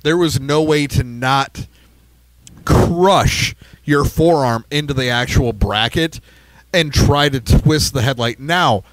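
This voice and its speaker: A man's voice: medium pitch, slow, no echo, low-quality recording. A man co-hosting a podcast, telling a tour story in casual chat and acting out quotes. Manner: animated, acts out quotes in a raised voice. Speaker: podcast co-host, band member.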